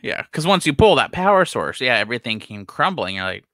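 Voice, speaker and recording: A man hosting a casual reaction chat, animated and often stumbling over repeated words. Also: mid-range voice, a little fast, no echo, clean studio sound. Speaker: host.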